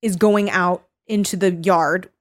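A woman retelling a novel's plot in casual chat, animated, swearing and quoting the characters. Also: lowish voice, measured pace. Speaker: podcast co-host discussing a novel.

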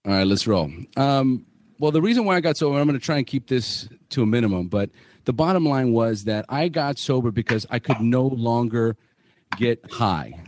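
Candid man telling a rough story. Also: medium pitch, animated, normal speed, darkish tone. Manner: candid, swearing, many fillers and restarts. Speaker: podcast host. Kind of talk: casual podcast story.

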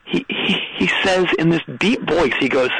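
A man's voice: on the high side, moderate pace, background noise. A man calling in to a radio comedy show, telling a rambling story with lots of stammers and restarts. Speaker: caller.

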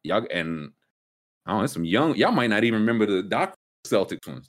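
A man hosting a casual sports talk show, ranting emphatically with sudden jumps up in pitch. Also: big pitch swings, a little fast. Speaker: sports podcast host.

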